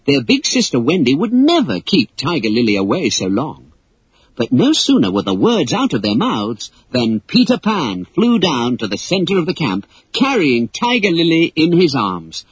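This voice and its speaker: A man reading a children's story aloud as narrator, in an expressive storybook style. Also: mid-range voice, husky, no room sound, low-quality recording. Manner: animated, expressive read-aloud.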